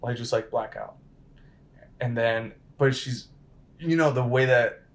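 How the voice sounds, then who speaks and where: A man in easy conversation, circling his point with lots of fillers and restarts. His voice sits at an everyday middle pitch. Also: a little slow. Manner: hesitant, filler-heavy storytelling. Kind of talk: casual chat.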